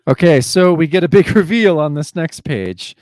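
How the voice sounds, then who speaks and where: A man's voice: fairly high pitch, animated, moderate pace, a little mellow, dry recording. A man co-hosting a podcast, chatting about comic art with eager enthusiasm and loose phrasing. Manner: enthusiastic, many fillers and restarts. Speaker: podcast co-host. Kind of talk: casual comic book discussion.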